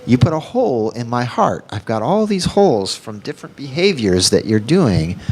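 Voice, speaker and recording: A man voicing a stern but caring father who lectures his son slowly and earnestly. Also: mid-range voice, a little hiss or hum.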